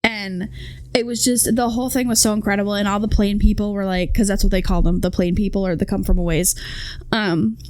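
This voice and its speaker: A woman's voice: medium pitch, steady tone, a little fast, darkish tone, no room sound. A young woman hosting a podcast, chatting casually and rambling with many fillers. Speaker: podcast host. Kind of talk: casual chat.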